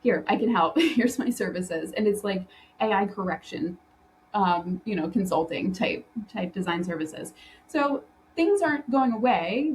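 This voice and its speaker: A woman's voice: medium pitch, darkish tone, a little hiss or hum, poor audio. Chatty woman hosting a solo podcast. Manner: chatty, loose, with frequent fillers and restarts; laughs often while telling stories. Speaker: podcast host and interior design business coach.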